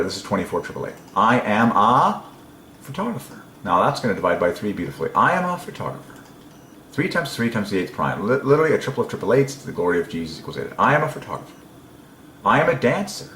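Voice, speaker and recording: A man's voice: on the low side, roomy sound, slight background noise. A man giving a casual devotional lecture as a video host, marvelling and laughing often, with repeated okays. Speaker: religious numerology video host.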